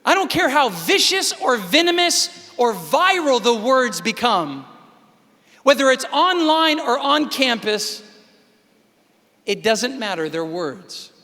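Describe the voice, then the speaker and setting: A man's voice: very high-pitched, sing-song, slow pace, bright, forceful tone. A man giving an emphatic motivational keynote speech at a large convention, sometimes acting out voices in dialogue. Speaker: keynote speaker. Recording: reverberant hall sound.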